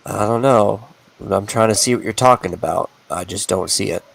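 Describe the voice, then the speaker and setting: Casting: male stream co-host, very low, gravelly voice with a husky edge, dry delivery. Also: moderate pace, a bit bright, rough recording. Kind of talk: casual livestream chat.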